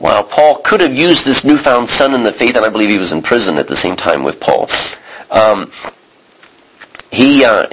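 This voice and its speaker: An American man teaching a Bible sermon in a conversational way, often restarting and clearing his throat. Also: medium pitch, a bit bright, low-quality recording. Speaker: preacher.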